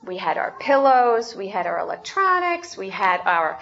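A woman's voice: medium pitch, sing-song, moderate pace, creaky, a bit bright, muffled recording, a little hiss or hum. A woman pastor preaching a conversational sermon, putting questions to the congregation.

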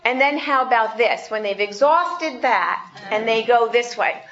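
Slow-speaking woman pastor. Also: fairly high pitch, expressive, fairly bright tone, muffled recording. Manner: conversational, asks the congregation questions. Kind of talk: sermon.

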